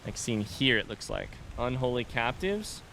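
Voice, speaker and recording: Give me a man with a lively, varied pitch, thinking aloud as he plays a puzzle game. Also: moderate pace, vocal fry, slight background noise. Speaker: let's play host. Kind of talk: video game commentary. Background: game music.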